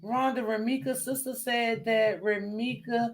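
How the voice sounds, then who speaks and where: A woman's voice: fairly high pitch, steady tone, a little slow, noisy background. A woman hosting a casual live stream and reading the chat out. She laughs often, calls on the Lord and swears freely.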